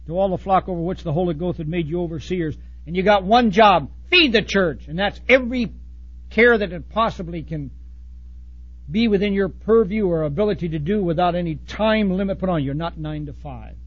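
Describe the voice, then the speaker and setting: A man preaching a blunt, folksy sermon to ministers, swinging from loud outbursts to hushed asides. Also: high-pitched, fairly quick, breathy edge, dull audio. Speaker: pastor.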